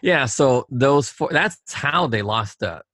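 A man's voice: medium pitch, lively intonation, slow pace, a bit bright, no echo. Man, middle-aged, casual talk host, emphatic, repeats himself, dry studio sound.

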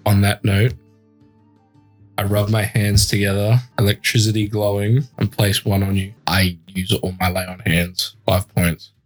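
A man playing a tabletop game, talking in a halting, casual way. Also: fairly low pitch, level tone, faint music behind, poor audio. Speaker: player.

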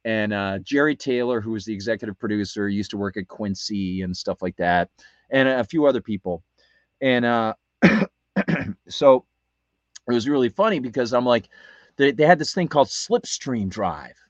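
Low-voiced man rambling through an anecdote. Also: lively intonation, normal speed, no room sound, dull audio. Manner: rambling storyteller, many restarts. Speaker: radio co-host. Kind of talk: casual anecdote on talk radio.

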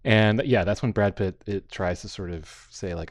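A low-voiced man talks casually about a film on a podcast, animated, acting out headlines and dialogue as he goes. The sound is dry and close, with no room around it. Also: measured pace, hardly any pauses, dry recording. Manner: animated, acts out quotes, frequent fillers. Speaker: podcast host.

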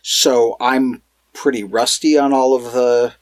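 A man's voice: medium pitch, steady tone, slow. A man co-hosting a casual podcast, joking around and putting on mock announcer intros. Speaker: podcast co-host.

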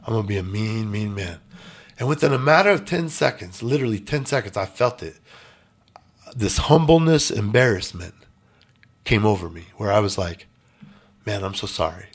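A man's voice: on the low side, very animated, normal speed. A man telling a personal story in a casual interview, blunt and emphatic with some swearing. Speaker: podcast guest.

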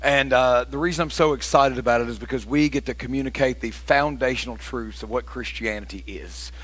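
Folksy pastor, bright tone, animated sermon delivery. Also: male voice, medium pitch, brisk. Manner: animated storytelling, bursts into shouted preaching; casual, folksy with "man" and "y'all".

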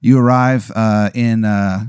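A man's voice: lowish voice, steady tone, takes it slowly, darkish tone, clear, resonant tone, dry recording, studio quality. A man hosting a podcast, improvising a rambling comedic story with many fillers and restarts. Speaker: podcast host.

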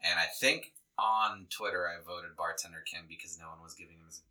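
A man co-hosting a podcast, talking in a relaxed, rambling way. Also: deep voice, a little fast, low-quality recording. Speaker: podcast co-host. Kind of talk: casual chat.

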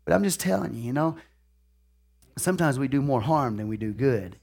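A male pastor, preaching live to a congregation in a folksy, conversational way that often checks in with the room. He tells stories animatedly, swinging between loud outbursts and quieter asides. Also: medium pitch, fairly quick, vocal fry, a little hiss or hum. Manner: animated storytelling with big swings in loudness and sudden outbursts.

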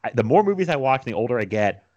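A man's voice: medium pitch, very animated, very fast, a little mellow, dull audio. A man in his thirties chatting casually about movies as a podcast co-host, rambling with many fillers and frequent laughs.

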